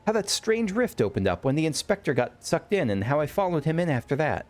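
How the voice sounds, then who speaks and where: A man's voice: on the high side, big pitch swings, brisk. A man reading as a perky young sleuth woman. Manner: chirpy, chatty game dialogue reading. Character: perky young woman, cheerful detective's assistant.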